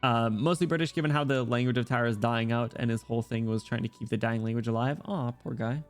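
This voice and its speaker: A man's voice: medium pitch, quick pace, faint music behind. Joking male game streamer. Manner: joking, crude, laughs easily. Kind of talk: casual gaming commentary with read-aloud dialogue.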